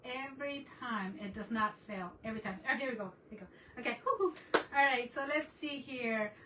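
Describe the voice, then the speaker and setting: A woman hosting a casual crafting livestream from home, chatting excitedly and greeting viewers in a mix of English and Spanish. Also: a little high, fairly quick, far from the mic, noisy background.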